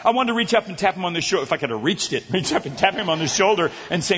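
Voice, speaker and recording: A male preacher telling a funny story in a sermon, animated and acting out the characters. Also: high voice, fast, few pauses. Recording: echoey large hall.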